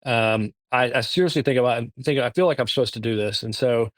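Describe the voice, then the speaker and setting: Southern-accented man, middle-aged, guest storyteller, lively restarts, dry studio mic. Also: medium pitch, dry recording. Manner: animated, halting, lots of restarts. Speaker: podcast guest. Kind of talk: casual storytelling.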